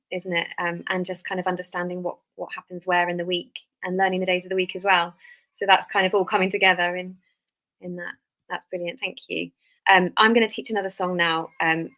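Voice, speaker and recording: A woman's voice: on the low side, poor audio. Female music session leader, easygoing webinar delivery, frequent fillers. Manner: relaxed, many ums. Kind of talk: webinar teaching.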